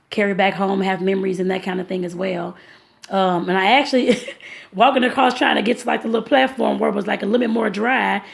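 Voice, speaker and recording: A woman's voice: mid-range voice, vocal fry. A woman vlogger casually telling viewers about her day, rambling and chatty, laughing often and calling them y'all. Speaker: travel vlogger.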